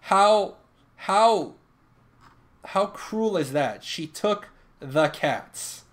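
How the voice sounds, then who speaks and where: A man's voice: high voice, animated, drawn-out words. A man from Ireland chatting casually on a live game stream, telling rambling stories and often restarting his sentences.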